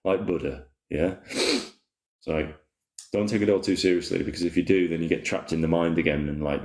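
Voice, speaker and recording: A livestream host with a low, deep voice chats on a casual spiritual stream, rambling in a laid-back way and reading viewer comments aloud. His pace is relaxed, though a little fast, and his voice rings around an echoey room.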